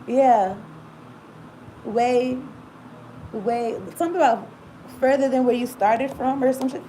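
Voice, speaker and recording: A woman with a high-pitched yet dark voice speaks slowly through a casual tarot reading, on a rough recording with slight background noise. She rambles, laughs often, and talks straight to the viewer with frequent asides.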